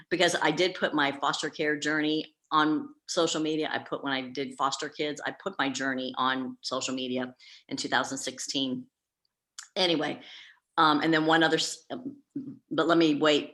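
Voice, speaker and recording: A woman with a low voice talks candidly at a group meeting, telling a personal story in a chatty way. She leans on fillers and trails off now and then. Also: fairly bright tone. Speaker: professional organizer. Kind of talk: casual group meeting talk.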